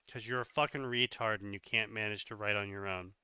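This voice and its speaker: A man with a lowish, bright, forceful, smooth voice reads fanfiction aloud as a co-host on a comedy stream, adding sarcastic, mocking asides and swearing often. He speaks a little fast with fairly even intonation and hardly any pauses, on a recording with no echo.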